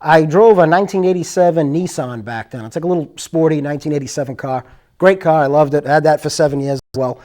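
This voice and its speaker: A man's voice: a little high, quick pace, a little mellow. A man hosting his own show, telling true spooky stories in a rambling, conversational way and acting out what people said. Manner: rambling, conversational, acts out quoted lines. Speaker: show host. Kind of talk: casual storytelling.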